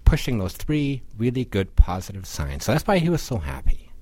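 A man on a podcast panel talks through the news in a relaxed, teasing way, walking listeners through figures. His voice has a middle pitch and a dry, close sound. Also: moderate pace, no echo. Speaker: political columnist. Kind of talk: casual panel chat.

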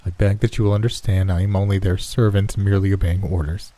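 A hesitant, stiffly formal messenger from a horror storybook, as a male narrator puts him on. He speaks low and quiet, his voice deep and mellow. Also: flat delivery, quick pace, close to an everyday voice.

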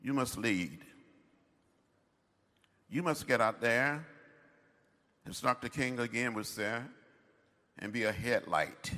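A man's voice: medium pitch, animated, slow, long pauses, bright, forceful tone. A man in his seventies giving a commencement speech, with a rhythmic orator's cadence and emphatic repetition. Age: 70s. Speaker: commencement speaker. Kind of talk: ceremonial speech. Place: university ceremony venue. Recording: echoey large hall.

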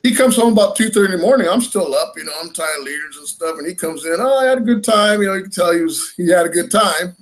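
Man, high voice, animated storyteller who laughs as he goes. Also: fast, hardly any pauses. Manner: animated, laughing, acts out quoted lines. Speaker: fishing tournament angler. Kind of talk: casual storytelling.

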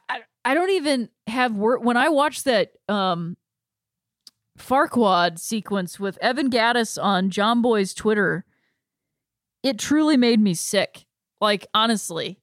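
A woman hosting a talk show, delivering a casual, impassioned rant with frequent fillers and self-interruptions, swinging between heated outbursts and quiet disgust. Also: mid-range voice, dry recording, clean studio sound. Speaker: podcast host. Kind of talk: casual ranting monologue.

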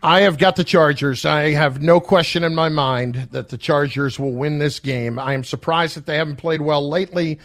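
A man's voice: a little high, normal speed, hardly any pauses, fairly bright tone, dry recording, clean studio sound. A man giving confident football picks as an analyst on a sports talk show.

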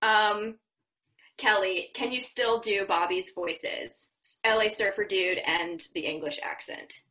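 A woman's voice: mid-range voice, slow pace, pushed and bright, poor audio. A woman in her twenties co-hosting a podcast, candid and self-deprecating in casual chat. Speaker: podcast co-host.

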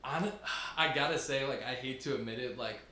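A man's voice: mid-range voice, brisk, bright, forceful tone. Laid-back young man, lots of fillers. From Virginia, US. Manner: laid-back, many "like" fillers, laughs often. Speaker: podcast guest. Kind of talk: casual chat. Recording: echoey room, faint background hum.

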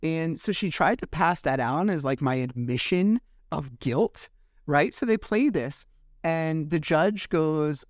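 A podcast host retelling events in a casual, animated, sarcastic way, swearing freely. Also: male voice, on the high side, slow pace, no room sound, clean studio sound. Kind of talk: casual storytelling recap.

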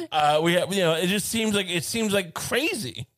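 A man's voice: sits high, measured pace, a bit bright. A man co-hosting a casual comedic chat, ranting in long rambling runs with stammered restarts. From United States.

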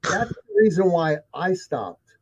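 A man's voice: high voice, sing-song, takes it slowly, slightly rough. A man telling his encounter stories in casual conversation, emphatic and repeating himself for effect. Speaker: guest telling of sightings. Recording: dull lo-fi sound.

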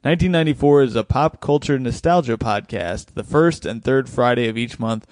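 A man's voice: medium pitch, brisk, a little mellow, no echo. A man hosting a comedy podcast, joking, swearing and laughing often with his guests. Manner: jokey, profane, laughs often. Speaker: podcast host. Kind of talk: casual comedy podcast chat. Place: studio.

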